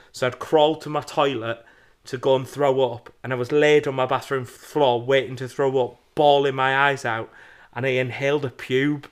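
A man co-hosting a podcast, telling a personal story in a rambling, casual way with lots of fillers. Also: mid-range voice. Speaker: podcast co-host. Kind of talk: casual chat.

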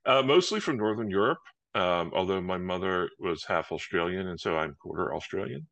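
Male guest author, very low gravelly voice, dry close sound, halting speech. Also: lively intonation, a bit bright, dry recording. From Maryland, United States. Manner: hesitant, many "uh" fillers and restarts. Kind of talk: casual interview answers.

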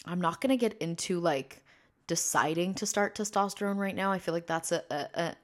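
A young trans man in his early twenties hosting a personal podcast, talking in a rambling way, with many fillers, restarts and tangents. He speaks in a fairly high voice he has trained himself to use. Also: normal speed. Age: early 20s. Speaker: podcast host.

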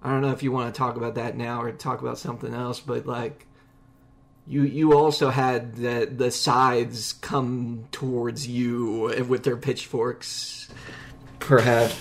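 A man hosting a podcast in casual conversation, rambling and animated, with many restarts. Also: mid-range voice, a little slow, gravelly. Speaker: podcast host.

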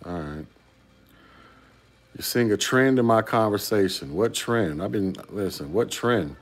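A man hosting a casual YouTube talk, answering a viewer's comment with rhetorical questions. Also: sits low.

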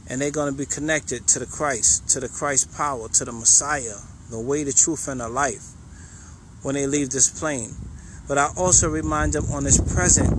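A man's voice: mid-range voice, background noise. A man coaching faith and fitness, leading guided affirmations in a casual, encouraging way with lots of repetition. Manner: encouraging, repetitive, says "you know what I'm saying" a lot; casual, conversational.

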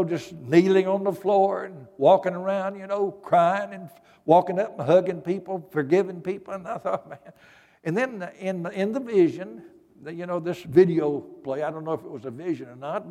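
A man's voice: on the high side, a little mellow. A man preaching a sermon, telling a personal story in a folksy, earnest way with many fillers. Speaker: pastor. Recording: long hall reverb.

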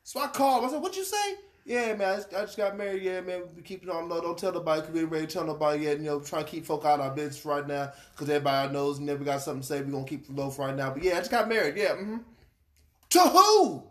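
A man's voice: a little high, steady tone, very fast, hardly any pauses. A man talking in casual chat, laid-back and teasing as he recalls hearing a friend's news.

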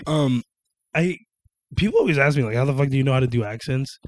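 A young man in casual chat, swearing freely, animated and quick to break into joking impressions. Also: mid-range voice.

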